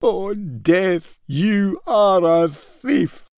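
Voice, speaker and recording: A man voicing a crafty, theatrical old Scottish laird who booms and wails in feigned grief, in a rhyming storybook. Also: lively intonation, takes it slowly, a little mellow, dry recording, clean studio sound. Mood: wailing. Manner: booming and wailing in feigned grief.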